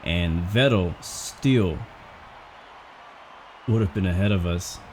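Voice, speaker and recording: A low-voiced man gives casual, rambling commentary over a racing game, thinking out loud as he goes. He sounds out of breath and keeps a chatty, unhurried flow. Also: slight background noise. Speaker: gaming channel host.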